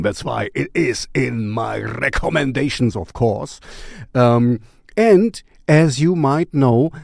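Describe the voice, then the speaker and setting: A man's voice: mid-range voice, vocal fry, darkish tone, no echo, studio quality. A man casually recommending music in a vlog, rambling and playful and full of fillers. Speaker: music vlogger.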